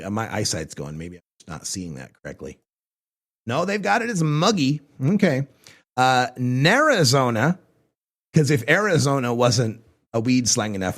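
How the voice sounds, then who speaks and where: A man's voice: medium pitch, a bit bright. An older man hosting a talk radio show, chatting casually with wry jokes and chuckling asides.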